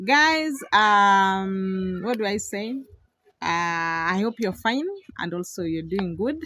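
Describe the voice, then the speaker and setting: A young woman vlogging outdoors in a village, giving lively commentary, laughing often and repeating herself. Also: mid-range voice, slow pace, a little hiss or hum. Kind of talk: casual vlog commentary.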